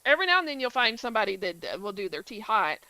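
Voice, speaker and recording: A woman chats casually with her stream as she plays, peppering her talk with filler likes. Her voice sits a little high and comes across bright and forceful. The sound is dry and close. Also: very animated, fast talker, clear, resonant tone, no room sound, poor audio. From southern United States. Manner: chatty, answers chat, many filler likes. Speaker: gaming streamer. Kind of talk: casual chat while streaming a game.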